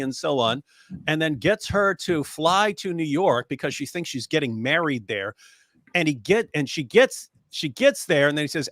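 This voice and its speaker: A man's voice: mid-range voice, expressive, unhurried, a bit bright, no echo, clean studio sound. A man arguing a point in a casual online discussion, often acting out quoted speech. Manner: argumentative, acts out quoted speech. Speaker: co-host.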